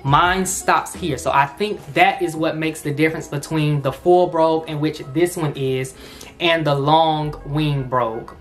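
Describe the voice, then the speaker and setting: A man's voice: a little high, fairly even intonation, a little slow, fairly bright tone, faint music behind. A man casually explaining dress shoes in a how-to vlog, chatty, full of fillers and self-corrections. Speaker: style vlogger.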